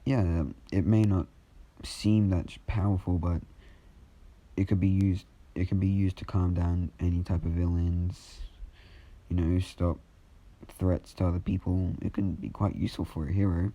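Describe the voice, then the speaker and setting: A man's voice: deep voice, flat delivery, a little slow, warm tone. A man doing a polite, hesitant doctor. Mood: pleased. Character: polite adult male doctor explaining test results.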